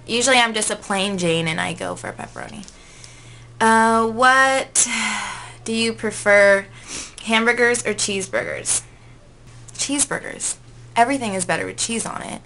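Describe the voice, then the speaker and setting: Bright-voiced chatty young woman vlogger. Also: mid-range voice, slight background noise. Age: 20s. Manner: chatty, gushing, lots of "like" and "um". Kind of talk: casual chat answering tag questions.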